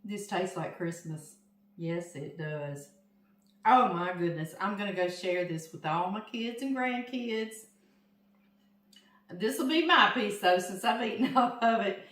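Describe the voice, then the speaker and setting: An older Southern woman with a Louisiana accent chats to her viewers at an unhurried pace while she works. She is recorded in a home kitchen, and the room echoes noticeably around her voice. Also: mid-range voice, a bit bright. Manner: chatty, talks straight to viewers as "y'all". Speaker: home cooking vlogger. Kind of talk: casual cooking demonstration. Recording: roomy kitchen echo.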